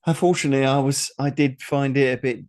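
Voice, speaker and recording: A man's voice: medium pitch, fairly even intonation, fast talker, a little mellow. A man, co-hosting a casual review chat, hesitant and full of restarts. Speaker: show co-host.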